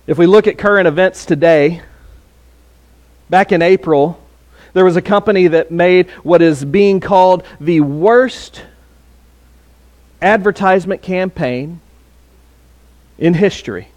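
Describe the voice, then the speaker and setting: A man's voice: sits high, a little slow, long pauses, darkish tone. A man preaching a sermon in a conversational way, with fillers and restarts.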